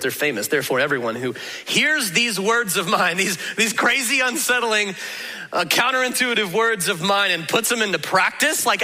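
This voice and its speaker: A man preaching a sermon, conversational and animated, acting out the reactions of listeners. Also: a little high. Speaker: pastor. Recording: long hall reverb.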